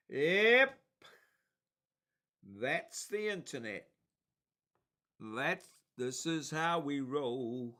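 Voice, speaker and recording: Easygoing guy reading out posts, laughs a lot, slow and bouncy, bright voice. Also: on the high side. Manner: chuckling, relaxed, amused. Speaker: host. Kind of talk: casual commentary on social media posts.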